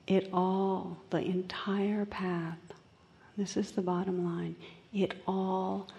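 A woman meditation teacher giving a slow, gentle dharma talk in a meditation hall. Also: medium pitch, flat delivery, gravelly. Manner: slow, gentle, soft-spoken.

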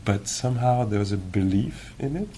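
A man giving a meditation teacher's dharma talk in a gentle, reflective, musing way, with many pauses. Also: lowish voice, lively intonation, a little hiss or hum. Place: retreat hall.

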